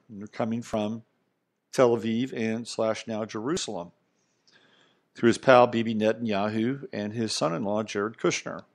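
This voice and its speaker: A middle-aged man at a mid pitch holds forth as a podcast host. His monologue rambles but lands hard on key points, with asides and questions tossed to the listener. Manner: rambling, emphatic, conversational, with frequent asides. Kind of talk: casual monologue commentary.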